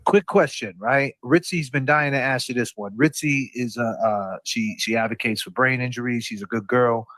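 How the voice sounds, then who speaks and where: A man's voice: medium pitch, moderate pace, hardly any pauses, fairly bright tone, dry recording. Chatty male livestream host. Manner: loose, chatty, addresses the viewers. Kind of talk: casual livestream talk.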